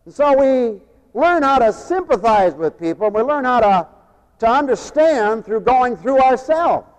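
A man preaching a sermon, turning emphatic on key phrases and dropping quieter for personal stories. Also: very high-pitched, very animated, measured pace. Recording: dull lo-fi tape in a long-echo hall.

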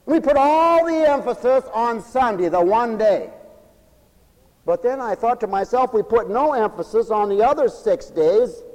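A man preaching a folksy, animated radio sermon with humorous asides. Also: extremely high pitch, measured pace, big-room sound, rough recording.

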